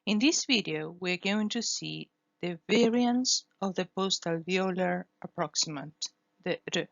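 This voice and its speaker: A woman's voice: on the low side, unhurried, creaky, no echo, dull audio. A woman whose first language is Spanish, teaching English phonetics in a careful lesson, repeating each sound to demonstrate it. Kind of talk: scripted lesson.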